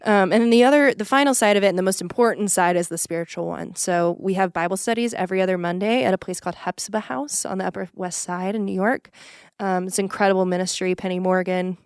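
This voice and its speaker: A woman's voice: medium pitch, fast, a little mellow, clean tone, no echo, studio quality. A young adult woman from Texas, a ministry executive director, talking earnestly and with animation in a casual podcast interview, with frequent ums.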